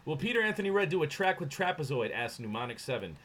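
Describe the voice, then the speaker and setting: A fairly high, bright male voice with a lively, swooping delivery, telling stories on a livestreamed podcast. He swears freely and breaks into quick impressions of the people in his story. There is a faint hiss of background noise. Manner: profane, animated, acts out voices in anecdotes. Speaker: podcast co-host. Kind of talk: casual storytelling chat.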